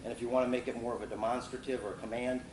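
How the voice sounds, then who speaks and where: A middle-aged man talks through a sales training lesson in a loose, repetitive way, full of fillers and restarts. He sits some distance from the mic in a reverberant room, with steady background noise. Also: medium pitch, very fast. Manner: casual, repeats himself, many fillers and restarts.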